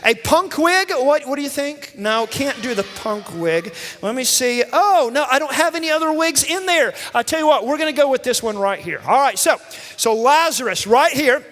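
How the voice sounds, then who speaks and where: Very high-voiced man preaching to kids. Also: normal speed. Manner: energetic, calls out for audience responses. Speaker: children's minister. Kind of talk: lively Bible storytelling for children. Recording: long reverb from a large hall.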